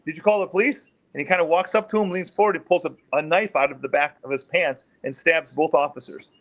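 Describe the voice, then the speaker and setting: A middle-aged man, a former police officer, telling case stories in an interview and acting out the quoted voices. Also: fast talker. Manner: animated, acts out quotes in raised pitch. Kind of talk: storytelling in an interview.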